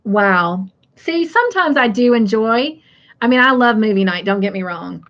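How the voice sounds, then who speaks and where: A woman's voice: fairly high pitch, animated, moderate pace, a bit bright, highs cut off. A middle-aged woman hosting a casual crafting live stream. She reads viewer comments aloud in a chatty way and laughs easily.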